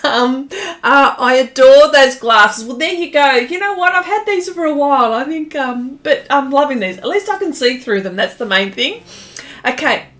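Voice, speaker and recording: A woman's voice: high voice, animated, moderate pace, a bit bright. An Australian woman hosting an art live stream in bubbly, casual chat, full of fillers and giggly greetings.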